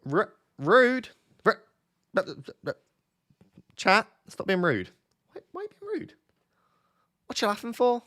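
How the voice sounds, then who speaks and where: A man putting on an exaggerated, poorly done Scouse accent as a touchy, indignant Liverpool man, with a high, whiny delivery. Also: wildly swooping pitch, unhurried, long pauses, pushed and bright, full character voice. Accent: Scouse, put on badly.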